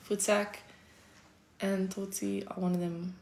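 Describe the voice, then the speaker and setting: Slow, gravelly South African woman. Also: mid-range voice, flat delivery, a little mellow. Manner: laid-back, laughs often, casual swearing. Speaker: livestreamer answering chat. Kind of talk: casual livestream chat.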